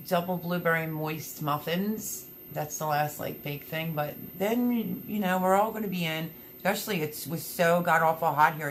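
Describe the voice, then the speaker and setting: A woman with a slightly low voice hosts a relaxed livestream, reading out viewer comments as they arrive. She talks in a chatty, upbeat, rambling way. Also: a little hiss or hum. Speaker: livestream host.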